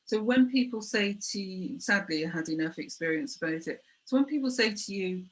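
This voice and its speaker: A woman's voice: medium pitch, expressive, fairly quick, poor audio. Hesitant middle-aged woman hosting. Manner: hesitant, with many fillers and restarts. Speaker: host. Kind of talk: conversational interview.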